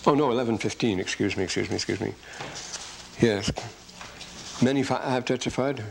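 Man, scripture lecture, unscripted, rambling, self-correcting, slow emphatic verse reading, faint background noise. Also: mid-range voice, vocal fry, low-quality recording. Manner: rambling, often loses his place and corrects himself.

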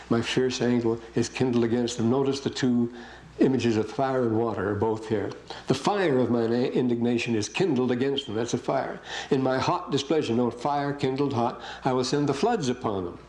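A man's voice: mid-range voice, warm tone, low-quality recording. A man teaching a scripture class who reads verses aloud and keeps breaking off to comment and question the class. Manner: rambling, asks the class questions.

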